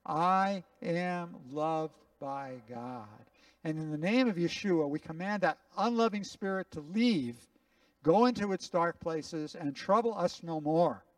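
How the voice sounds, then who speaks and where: A man's voice: high-pitched, lively intonation, normal speed, no room sound, distant mic. A man, a rabbi, preaching and then leading his congregation in earnest prayer and responsive lines. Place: congregation sanctuary.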